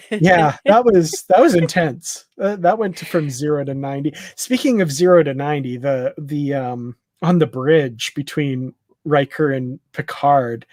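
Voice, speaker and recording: Co-host, mid pitch, easygoing, chuckles often, dry home-mic sound. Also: measured pace, darkish tone, dry recording. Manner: easygoing, laughs often, hesitant fillers. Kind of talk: casual live-stream chat.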